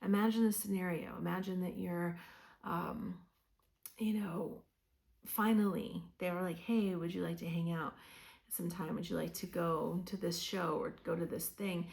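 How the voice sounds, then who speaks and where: A woman's voice: fairly low pitch, steady tone, moderate pace, creaky, darkish tone. A woman giving a casual tarot reading, talking in a loose conversational way with many fillers, encouraging the listener. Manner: encouraging, coaching tone. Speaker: tarot reader.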